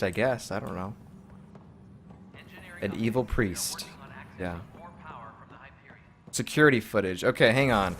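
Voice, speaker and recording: A man casually commenting while playing a video game, reading menu items aloud half to himself in an offhand, wry way. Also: mid-range voice.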